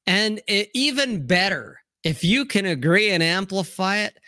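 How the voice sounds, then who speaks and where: A man's voice: sits high, expressive, measured pace, sharp tone, no room sound, clean studio sound. Blunt, profane man hosting a stream. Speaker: livestream host. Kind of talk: casual panel chat. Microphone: streaming mic, remote call.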